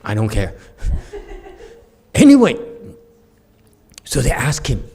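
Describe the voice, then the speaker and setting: Male dharma teacher, animated storyteller, middle-pitched voice. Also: slow pace, vocal fry, breathy edge. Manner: animated storyteller, laughs often, acts out the voices. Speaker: Chan meditation teacher.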